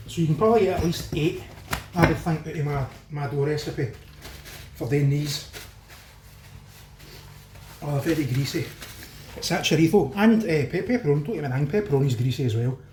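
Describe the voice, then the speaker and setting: A man's voice: a little high, moderate pace, pauses often, roomy sound, noisy background. Chatty Scottish man tasting his cooking. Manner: chatty, addresses viewers as folks, eats while talking. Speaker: cooking channel host. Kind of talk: casual cooking vlog, tasting food.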